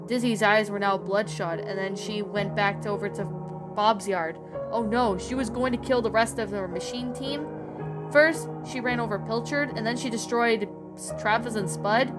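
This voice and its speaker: A woman's voice: medium pitch, steady tone, normal speed. A woman reads a horror story aloud in an ordinary, mid-range voice. She delivers it earnestly, with the occasional stumble, while background music plays throughout. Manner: earnest reading with frequent stumbles. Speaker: creepypasta narrator.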